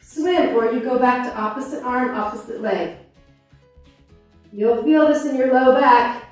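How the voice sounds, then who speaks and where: This is workout instruction from a woman in her fifties who coaches and cheers on each core exercise while short of breath. Her voice sits high and is unhurried and a little mellow. The recording has room echo, background music, and a clip-on mic that sounds distant.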